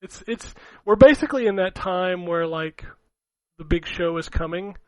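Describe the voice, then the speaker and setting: A man's voice: high voice, normal speed, no room sound, low-quality recording. A man co-hosting a gaming podcast, rambling and laughing as he swears his way through casual chat. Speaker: podcast co-host.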